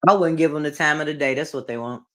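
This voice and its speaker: A woman's voice: low-pitched, fast talker, a crowd in the background. A woman joining a livestream chat as a guest, agreeing in a laid-back way.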